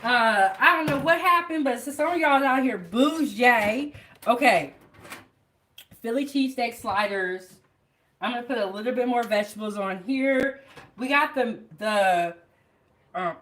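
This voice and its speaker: A woman's voice: on the high side, measured pace, a bit bright. A woman hosting a live home cooking show, chatting casually to her viewers from her kitchen. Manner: chatty, talks straight to viewers.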